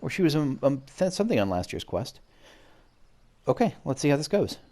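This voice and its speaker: A man's voice: medium pitch, sing-song, fairly quick, darkish tone. Chatty man thinking aloud over a game. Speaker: let's play host. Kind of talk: casual game commentary.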